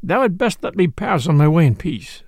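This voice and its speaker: A man's voice: a little high, sing-song, normal speed, darkish tone, breathy edge, dry recording, studio quality, heavily acted. A man voicing a sorrowful, grave knight who speaks in solemn, formal archaic English. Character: sorrowful, grave male knight, proud but poor.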